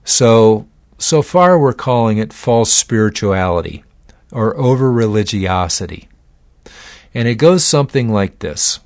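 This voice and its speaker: A man's voice: on the low side, expressive, measured pace, darkish tone, no echo, studio quality. A man giving an informal lecture on psychology and addiction in a folksy, conversational way. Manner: folksy, conversational, uses acted-out examples.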